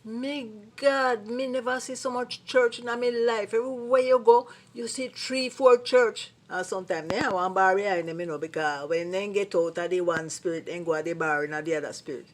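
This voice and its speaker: A woman's voice: medium pitch, steady tone, moderate pace, few pauses. A woman from Jamaica with a Jamaican accent, giving an emphatic, indignant commentary in Patois. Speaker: vlogger commentator.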